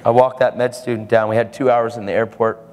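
Guy preaching and telling a story, mid-pitched voice, echo from a big hall. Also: fast talker, slight background noise. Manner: animated storytelling, acting out the other people in his story. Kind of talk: sermon storytelling. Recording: live hall with long reverb and faint ambience.

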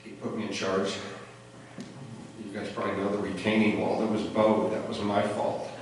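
A man's voice: fairly low pitch, little pitch movement, normal speed. A middle-aged man giving an earnest, reflective funeral eulogy for a family member, with light laughter. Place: funeral chapel. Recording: echoey hall from far off, noisy.

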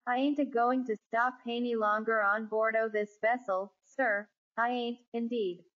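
A woman's voice: a little high, fairly even intonation, unhurried, a bit bright. A woman voicing a nervous working-class male ship steward who fusses, pleads and drops his h's while calling everyone sir. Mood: fretful. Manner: drops and adds h sounds, says sir constantly; pleading, fretful. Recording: dull lo-fi recording.

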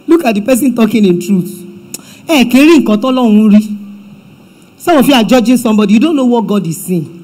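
A woman pastor with a Nigerian accent preaching a sermon in church, emphatic and swinging between loud declarations and hushed asides. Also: on the high side, animated, moderate pace, long pauses, poor audio.

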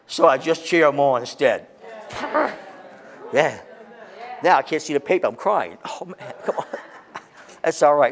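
A man, a pastor, preaching a sermon with impassioned, excitable delivery that swings between loud peaks and quiet scripture reading. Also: a little high.

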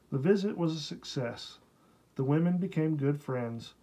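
A man reading a historical novel aloud as an audiobook, in steady, unhurried storytelling. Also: a little high, low-quality recording. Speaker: audiobook reader. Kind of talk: scripted narration.

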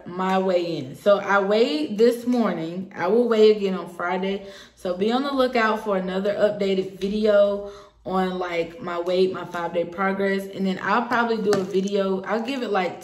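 A young woman talking casually to her viewers in an earnest, personal and hopeful way. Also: medium pitch. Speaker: vlogger. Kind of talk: casual talk to camera. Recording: echoey room.

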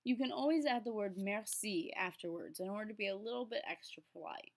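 An upbeat, encouraging woman explains French to her students, her pitch sitting in a middle range. She slows down and carefully sounds out each French word before picking up her speaking pace again. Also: vocal fry. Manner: patient, slows down to enunciate French words. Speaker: French teacher. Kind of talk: classroom lesson explanation.

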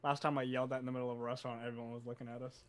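A man's voice: mid-range voice, little pitch movement, racing, clean tone. A man co-hosting a casual podcast chat, blunt and laughing often, swearing freely as he vents. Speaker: podcast co-host.

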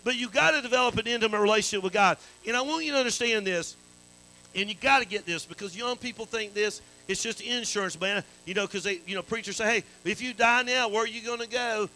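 Man preaching, high-pitched, bright tone, call and response, faint electrical hum. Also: fast, rough recording. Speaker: pastor. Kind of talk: sermon.

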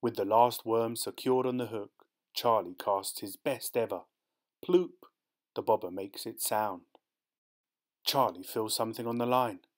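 A man reading a children's storybook aloud in a steady, clear voice. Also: fairly low pitch, moderate pace. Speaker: storybook narrator.

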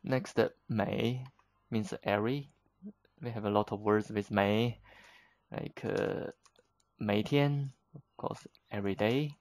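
Slow, gravelly man teaching. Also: lowish voice, steady tone, darkish tone, no echo, poor audio. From China. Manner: unhurried, patient, slips between English and Chinese with frequent fillers. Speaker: Chinese teacher. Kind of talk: explaining vocabulary in a lesson.

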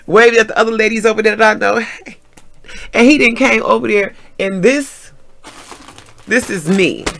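A middle-aged woman, telling a story in an animated vlog storytime, acting out what people said and laughing often. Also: mid-range voice, creaky. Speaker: vlogger.

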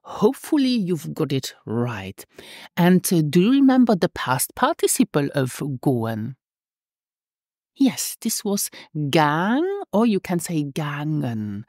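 Slow, low-voiced teacher woman. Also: sing-song, a little mellow, dry recording, clean studio sound. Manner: slow, careful, repeats phrases for learners. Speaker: language teacher. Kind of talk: podcast language lesson.

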